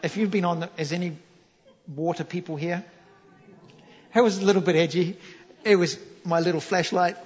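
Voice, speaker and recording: A man's voice: sits high, moderate pace, pauses often. A man from New Zealand with a New Zealand accent, preaching a sermon as a pastor in a joking storytelling manner and putting questions to the audience. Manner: animated, jokey, asks the audience questions. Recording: echoey hall, dull lo-fi sound.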